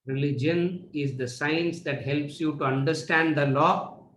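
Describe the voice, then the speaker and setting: A man gives a lecture to students, asking rhetorical questions and answering them. His voice sits a little high for a man. The recording carries a noticeable room echo. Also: fairly even intonation, unhurried, fairly bright tone, a little hiss or hum. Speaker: spiritual teacher. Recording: echoey room.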